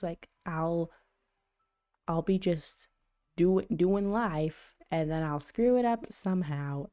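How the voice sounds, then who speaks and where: A woman's voice: on the low side, warm tone. A woman hosting a stream and sharing a casual faith reflection. She rambles conversationally, full of "you know" and "like", and laughs at her own stories. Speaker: channel host.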